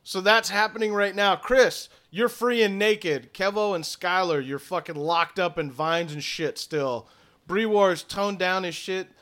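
Bright-voiced male game master. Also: high-pitched, unhurried. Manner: loose, profane, playful narration. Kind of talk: narrating a tabletop game.

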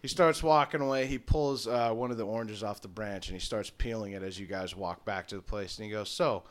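A man narrating a tabletop role-playing game as game master, describing scenes in a relaxed way with fillers. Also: on the low side, a little fast.

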